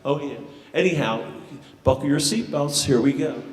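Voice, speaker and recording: A man's voice: on the high side, moderate pace. A man, a piano teacher, speaking casually to a recital audience with a joking, chatty manner and some uhs. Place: church sanctuary. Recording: roomy church echo with long reverb.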